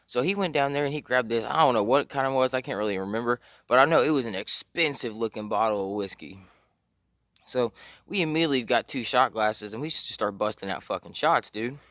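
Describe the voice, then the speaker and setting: A man's voice: mid-range voice, a little fast, fairly bright tone, dry recording, studio quality. A young man telling a casual story, rambling with lots of slang, fillers and cursing. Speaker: storytime vlogger.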